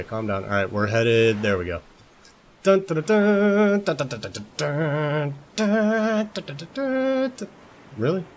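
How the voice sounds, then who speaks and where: Young dude doing let's play commentary, jokey, chats to stuff on screen, bit of faint hum behind. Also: male voice, lowish voice. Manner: joking, talks to objects in the game, swears casually. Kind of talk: casual gameplay commentary. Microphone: desktop recording mic.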